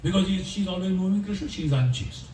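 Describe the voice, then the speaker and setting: A man giving a scripture class at a home program, telling stories with lively voices for the characters. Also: high voice, fast talker, slight background noise. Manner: animated storyteller who acts out the characters' lines. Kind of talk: storytelling sermon. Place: home gathering room. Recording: echoey room, mic at a distance.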